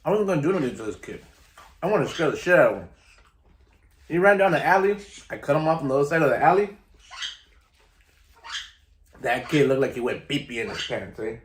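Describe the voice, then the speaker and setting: A man's voice: fairly high pitch, lively intonation, fairly quick, long pauses, echoey room. A middle-aged man, telling stories casually to camera in a laid-back, slangy way. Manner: laid-back, slangy, keeps saying "you know" and "vato". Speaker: vlogger.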